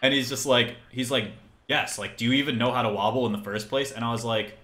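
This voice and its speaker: Here his voice is medium-pitched, steady, fairly quick, pushed and bright. He keeps rambling through his anecdote with constant fillers, exasperatedly mimicking what others said, while a roomy echo and faint noise hang in the background.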